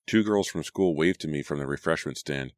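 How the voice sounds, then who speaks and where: A man narrating an audiobook in a steady, even storytelling manner. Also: rumbling low, fairly quick, no echo.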